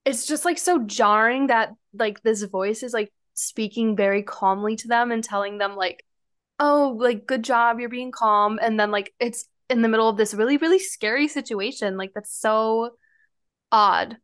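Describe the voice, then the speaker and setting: A woman's voice: fairly high pitch, normal speed. A woman podcast co-host casually retelling a true-crime story with lots of fillers. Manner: retelling events with frequent fillers.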